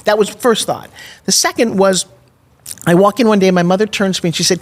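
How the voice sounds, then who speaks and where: A woman in her sixties with a New York accent tells her story in a podcast interview. She is expressive and lively, and her voice sits at an ordinary middle pitch. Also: quick pace. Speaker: guest.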